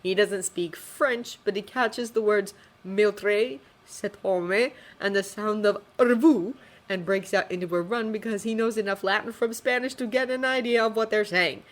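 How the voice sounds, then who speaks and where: A woman reading a fanfiction story aloud with expressive storytelling. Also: mid-range voice, normal speed, few pauses. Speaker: fanfiction reader.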